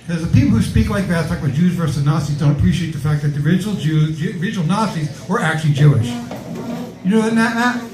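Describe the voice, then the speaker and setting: Halting stand-up comic man, high voice. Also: echoey room, over music, low-quality recording. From Connecticut, USA. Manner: halting, filler-heavy delivery. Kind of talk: stand-up comedy set.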